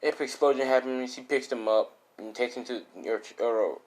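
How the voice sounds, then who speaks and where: A man improvising a fan-made story out loud, rambling and full of fillers. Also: mid-range voice, steady tone, moderate pace.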